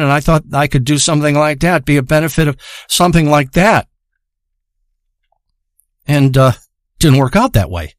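A man with a fairly high voice tells a rambling personal story, swearing freely and letting his emotions show. The recording is dry and close. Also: animated, moderate pace, long pauses, no echo.

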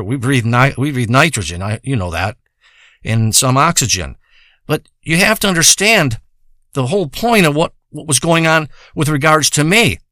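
A man's voice: fairly high pitch, sharp tone, no room sound, clean studio sound. A man telling a rambling, profane comic monologue, wandering from one tangent to the next. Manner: profane, rambling, meandering storytelling.

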